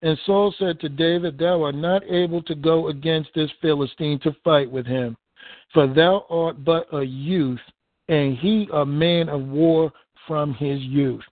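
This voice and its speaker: A man's voice: a little high, steady tone, a little slow, dry recording. A man preaching a fervent, emphatic sermon, reading scripture aloud and expounding on it. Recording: tinny phone-like dry recording.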